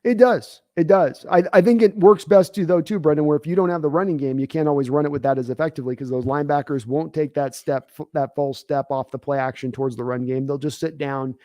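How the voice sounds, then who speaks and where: A man hosting a sports stream show in casual talk, animated and quick to restart and repeat his words. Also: a little high, no echo, clean studio sound.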